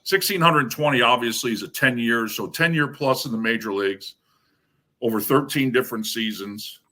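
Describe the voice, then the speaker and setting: A man's voice: medium pitch, moderate pace, pushed and bright. A man hosting a podcast interview, asking long, loosely phrased questions and correcting himself as he goes. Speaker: podcast host.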